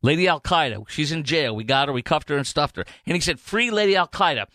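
Rambling talk radio host. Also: male voice, on the high side, fast, dry recording. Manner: animated, rambling, with frequent fillers and restarts. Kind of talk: political talk monologue.

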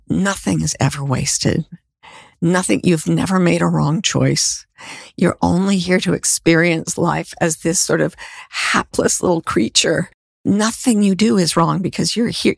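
A middle-aged woman, a guest author and life coach, talking in a soft, soothing way that sinks toward a whisper. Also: fairly low pitch, creaky, slightly rough, dry recording, clean studio sound. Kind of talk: heartfelt interview talk.

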